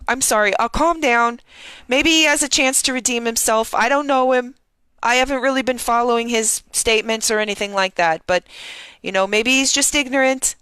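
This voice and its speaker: A woman's voice: a little high, moderate pace, a bit bright, clean tone, no echo. A woman journalist giving heated, indignant live-stream news commentary and reading out timeline entries.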